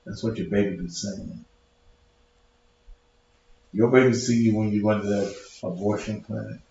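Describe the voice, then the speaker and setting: A man's voice: lowish voice, moderate pace, warm tone, slight background noise. A man hosting a show, delivering a preachy, sarcastic rant. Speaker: host. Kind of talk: mocking talk-show rant. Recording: very echoey, dull lo-fi sound.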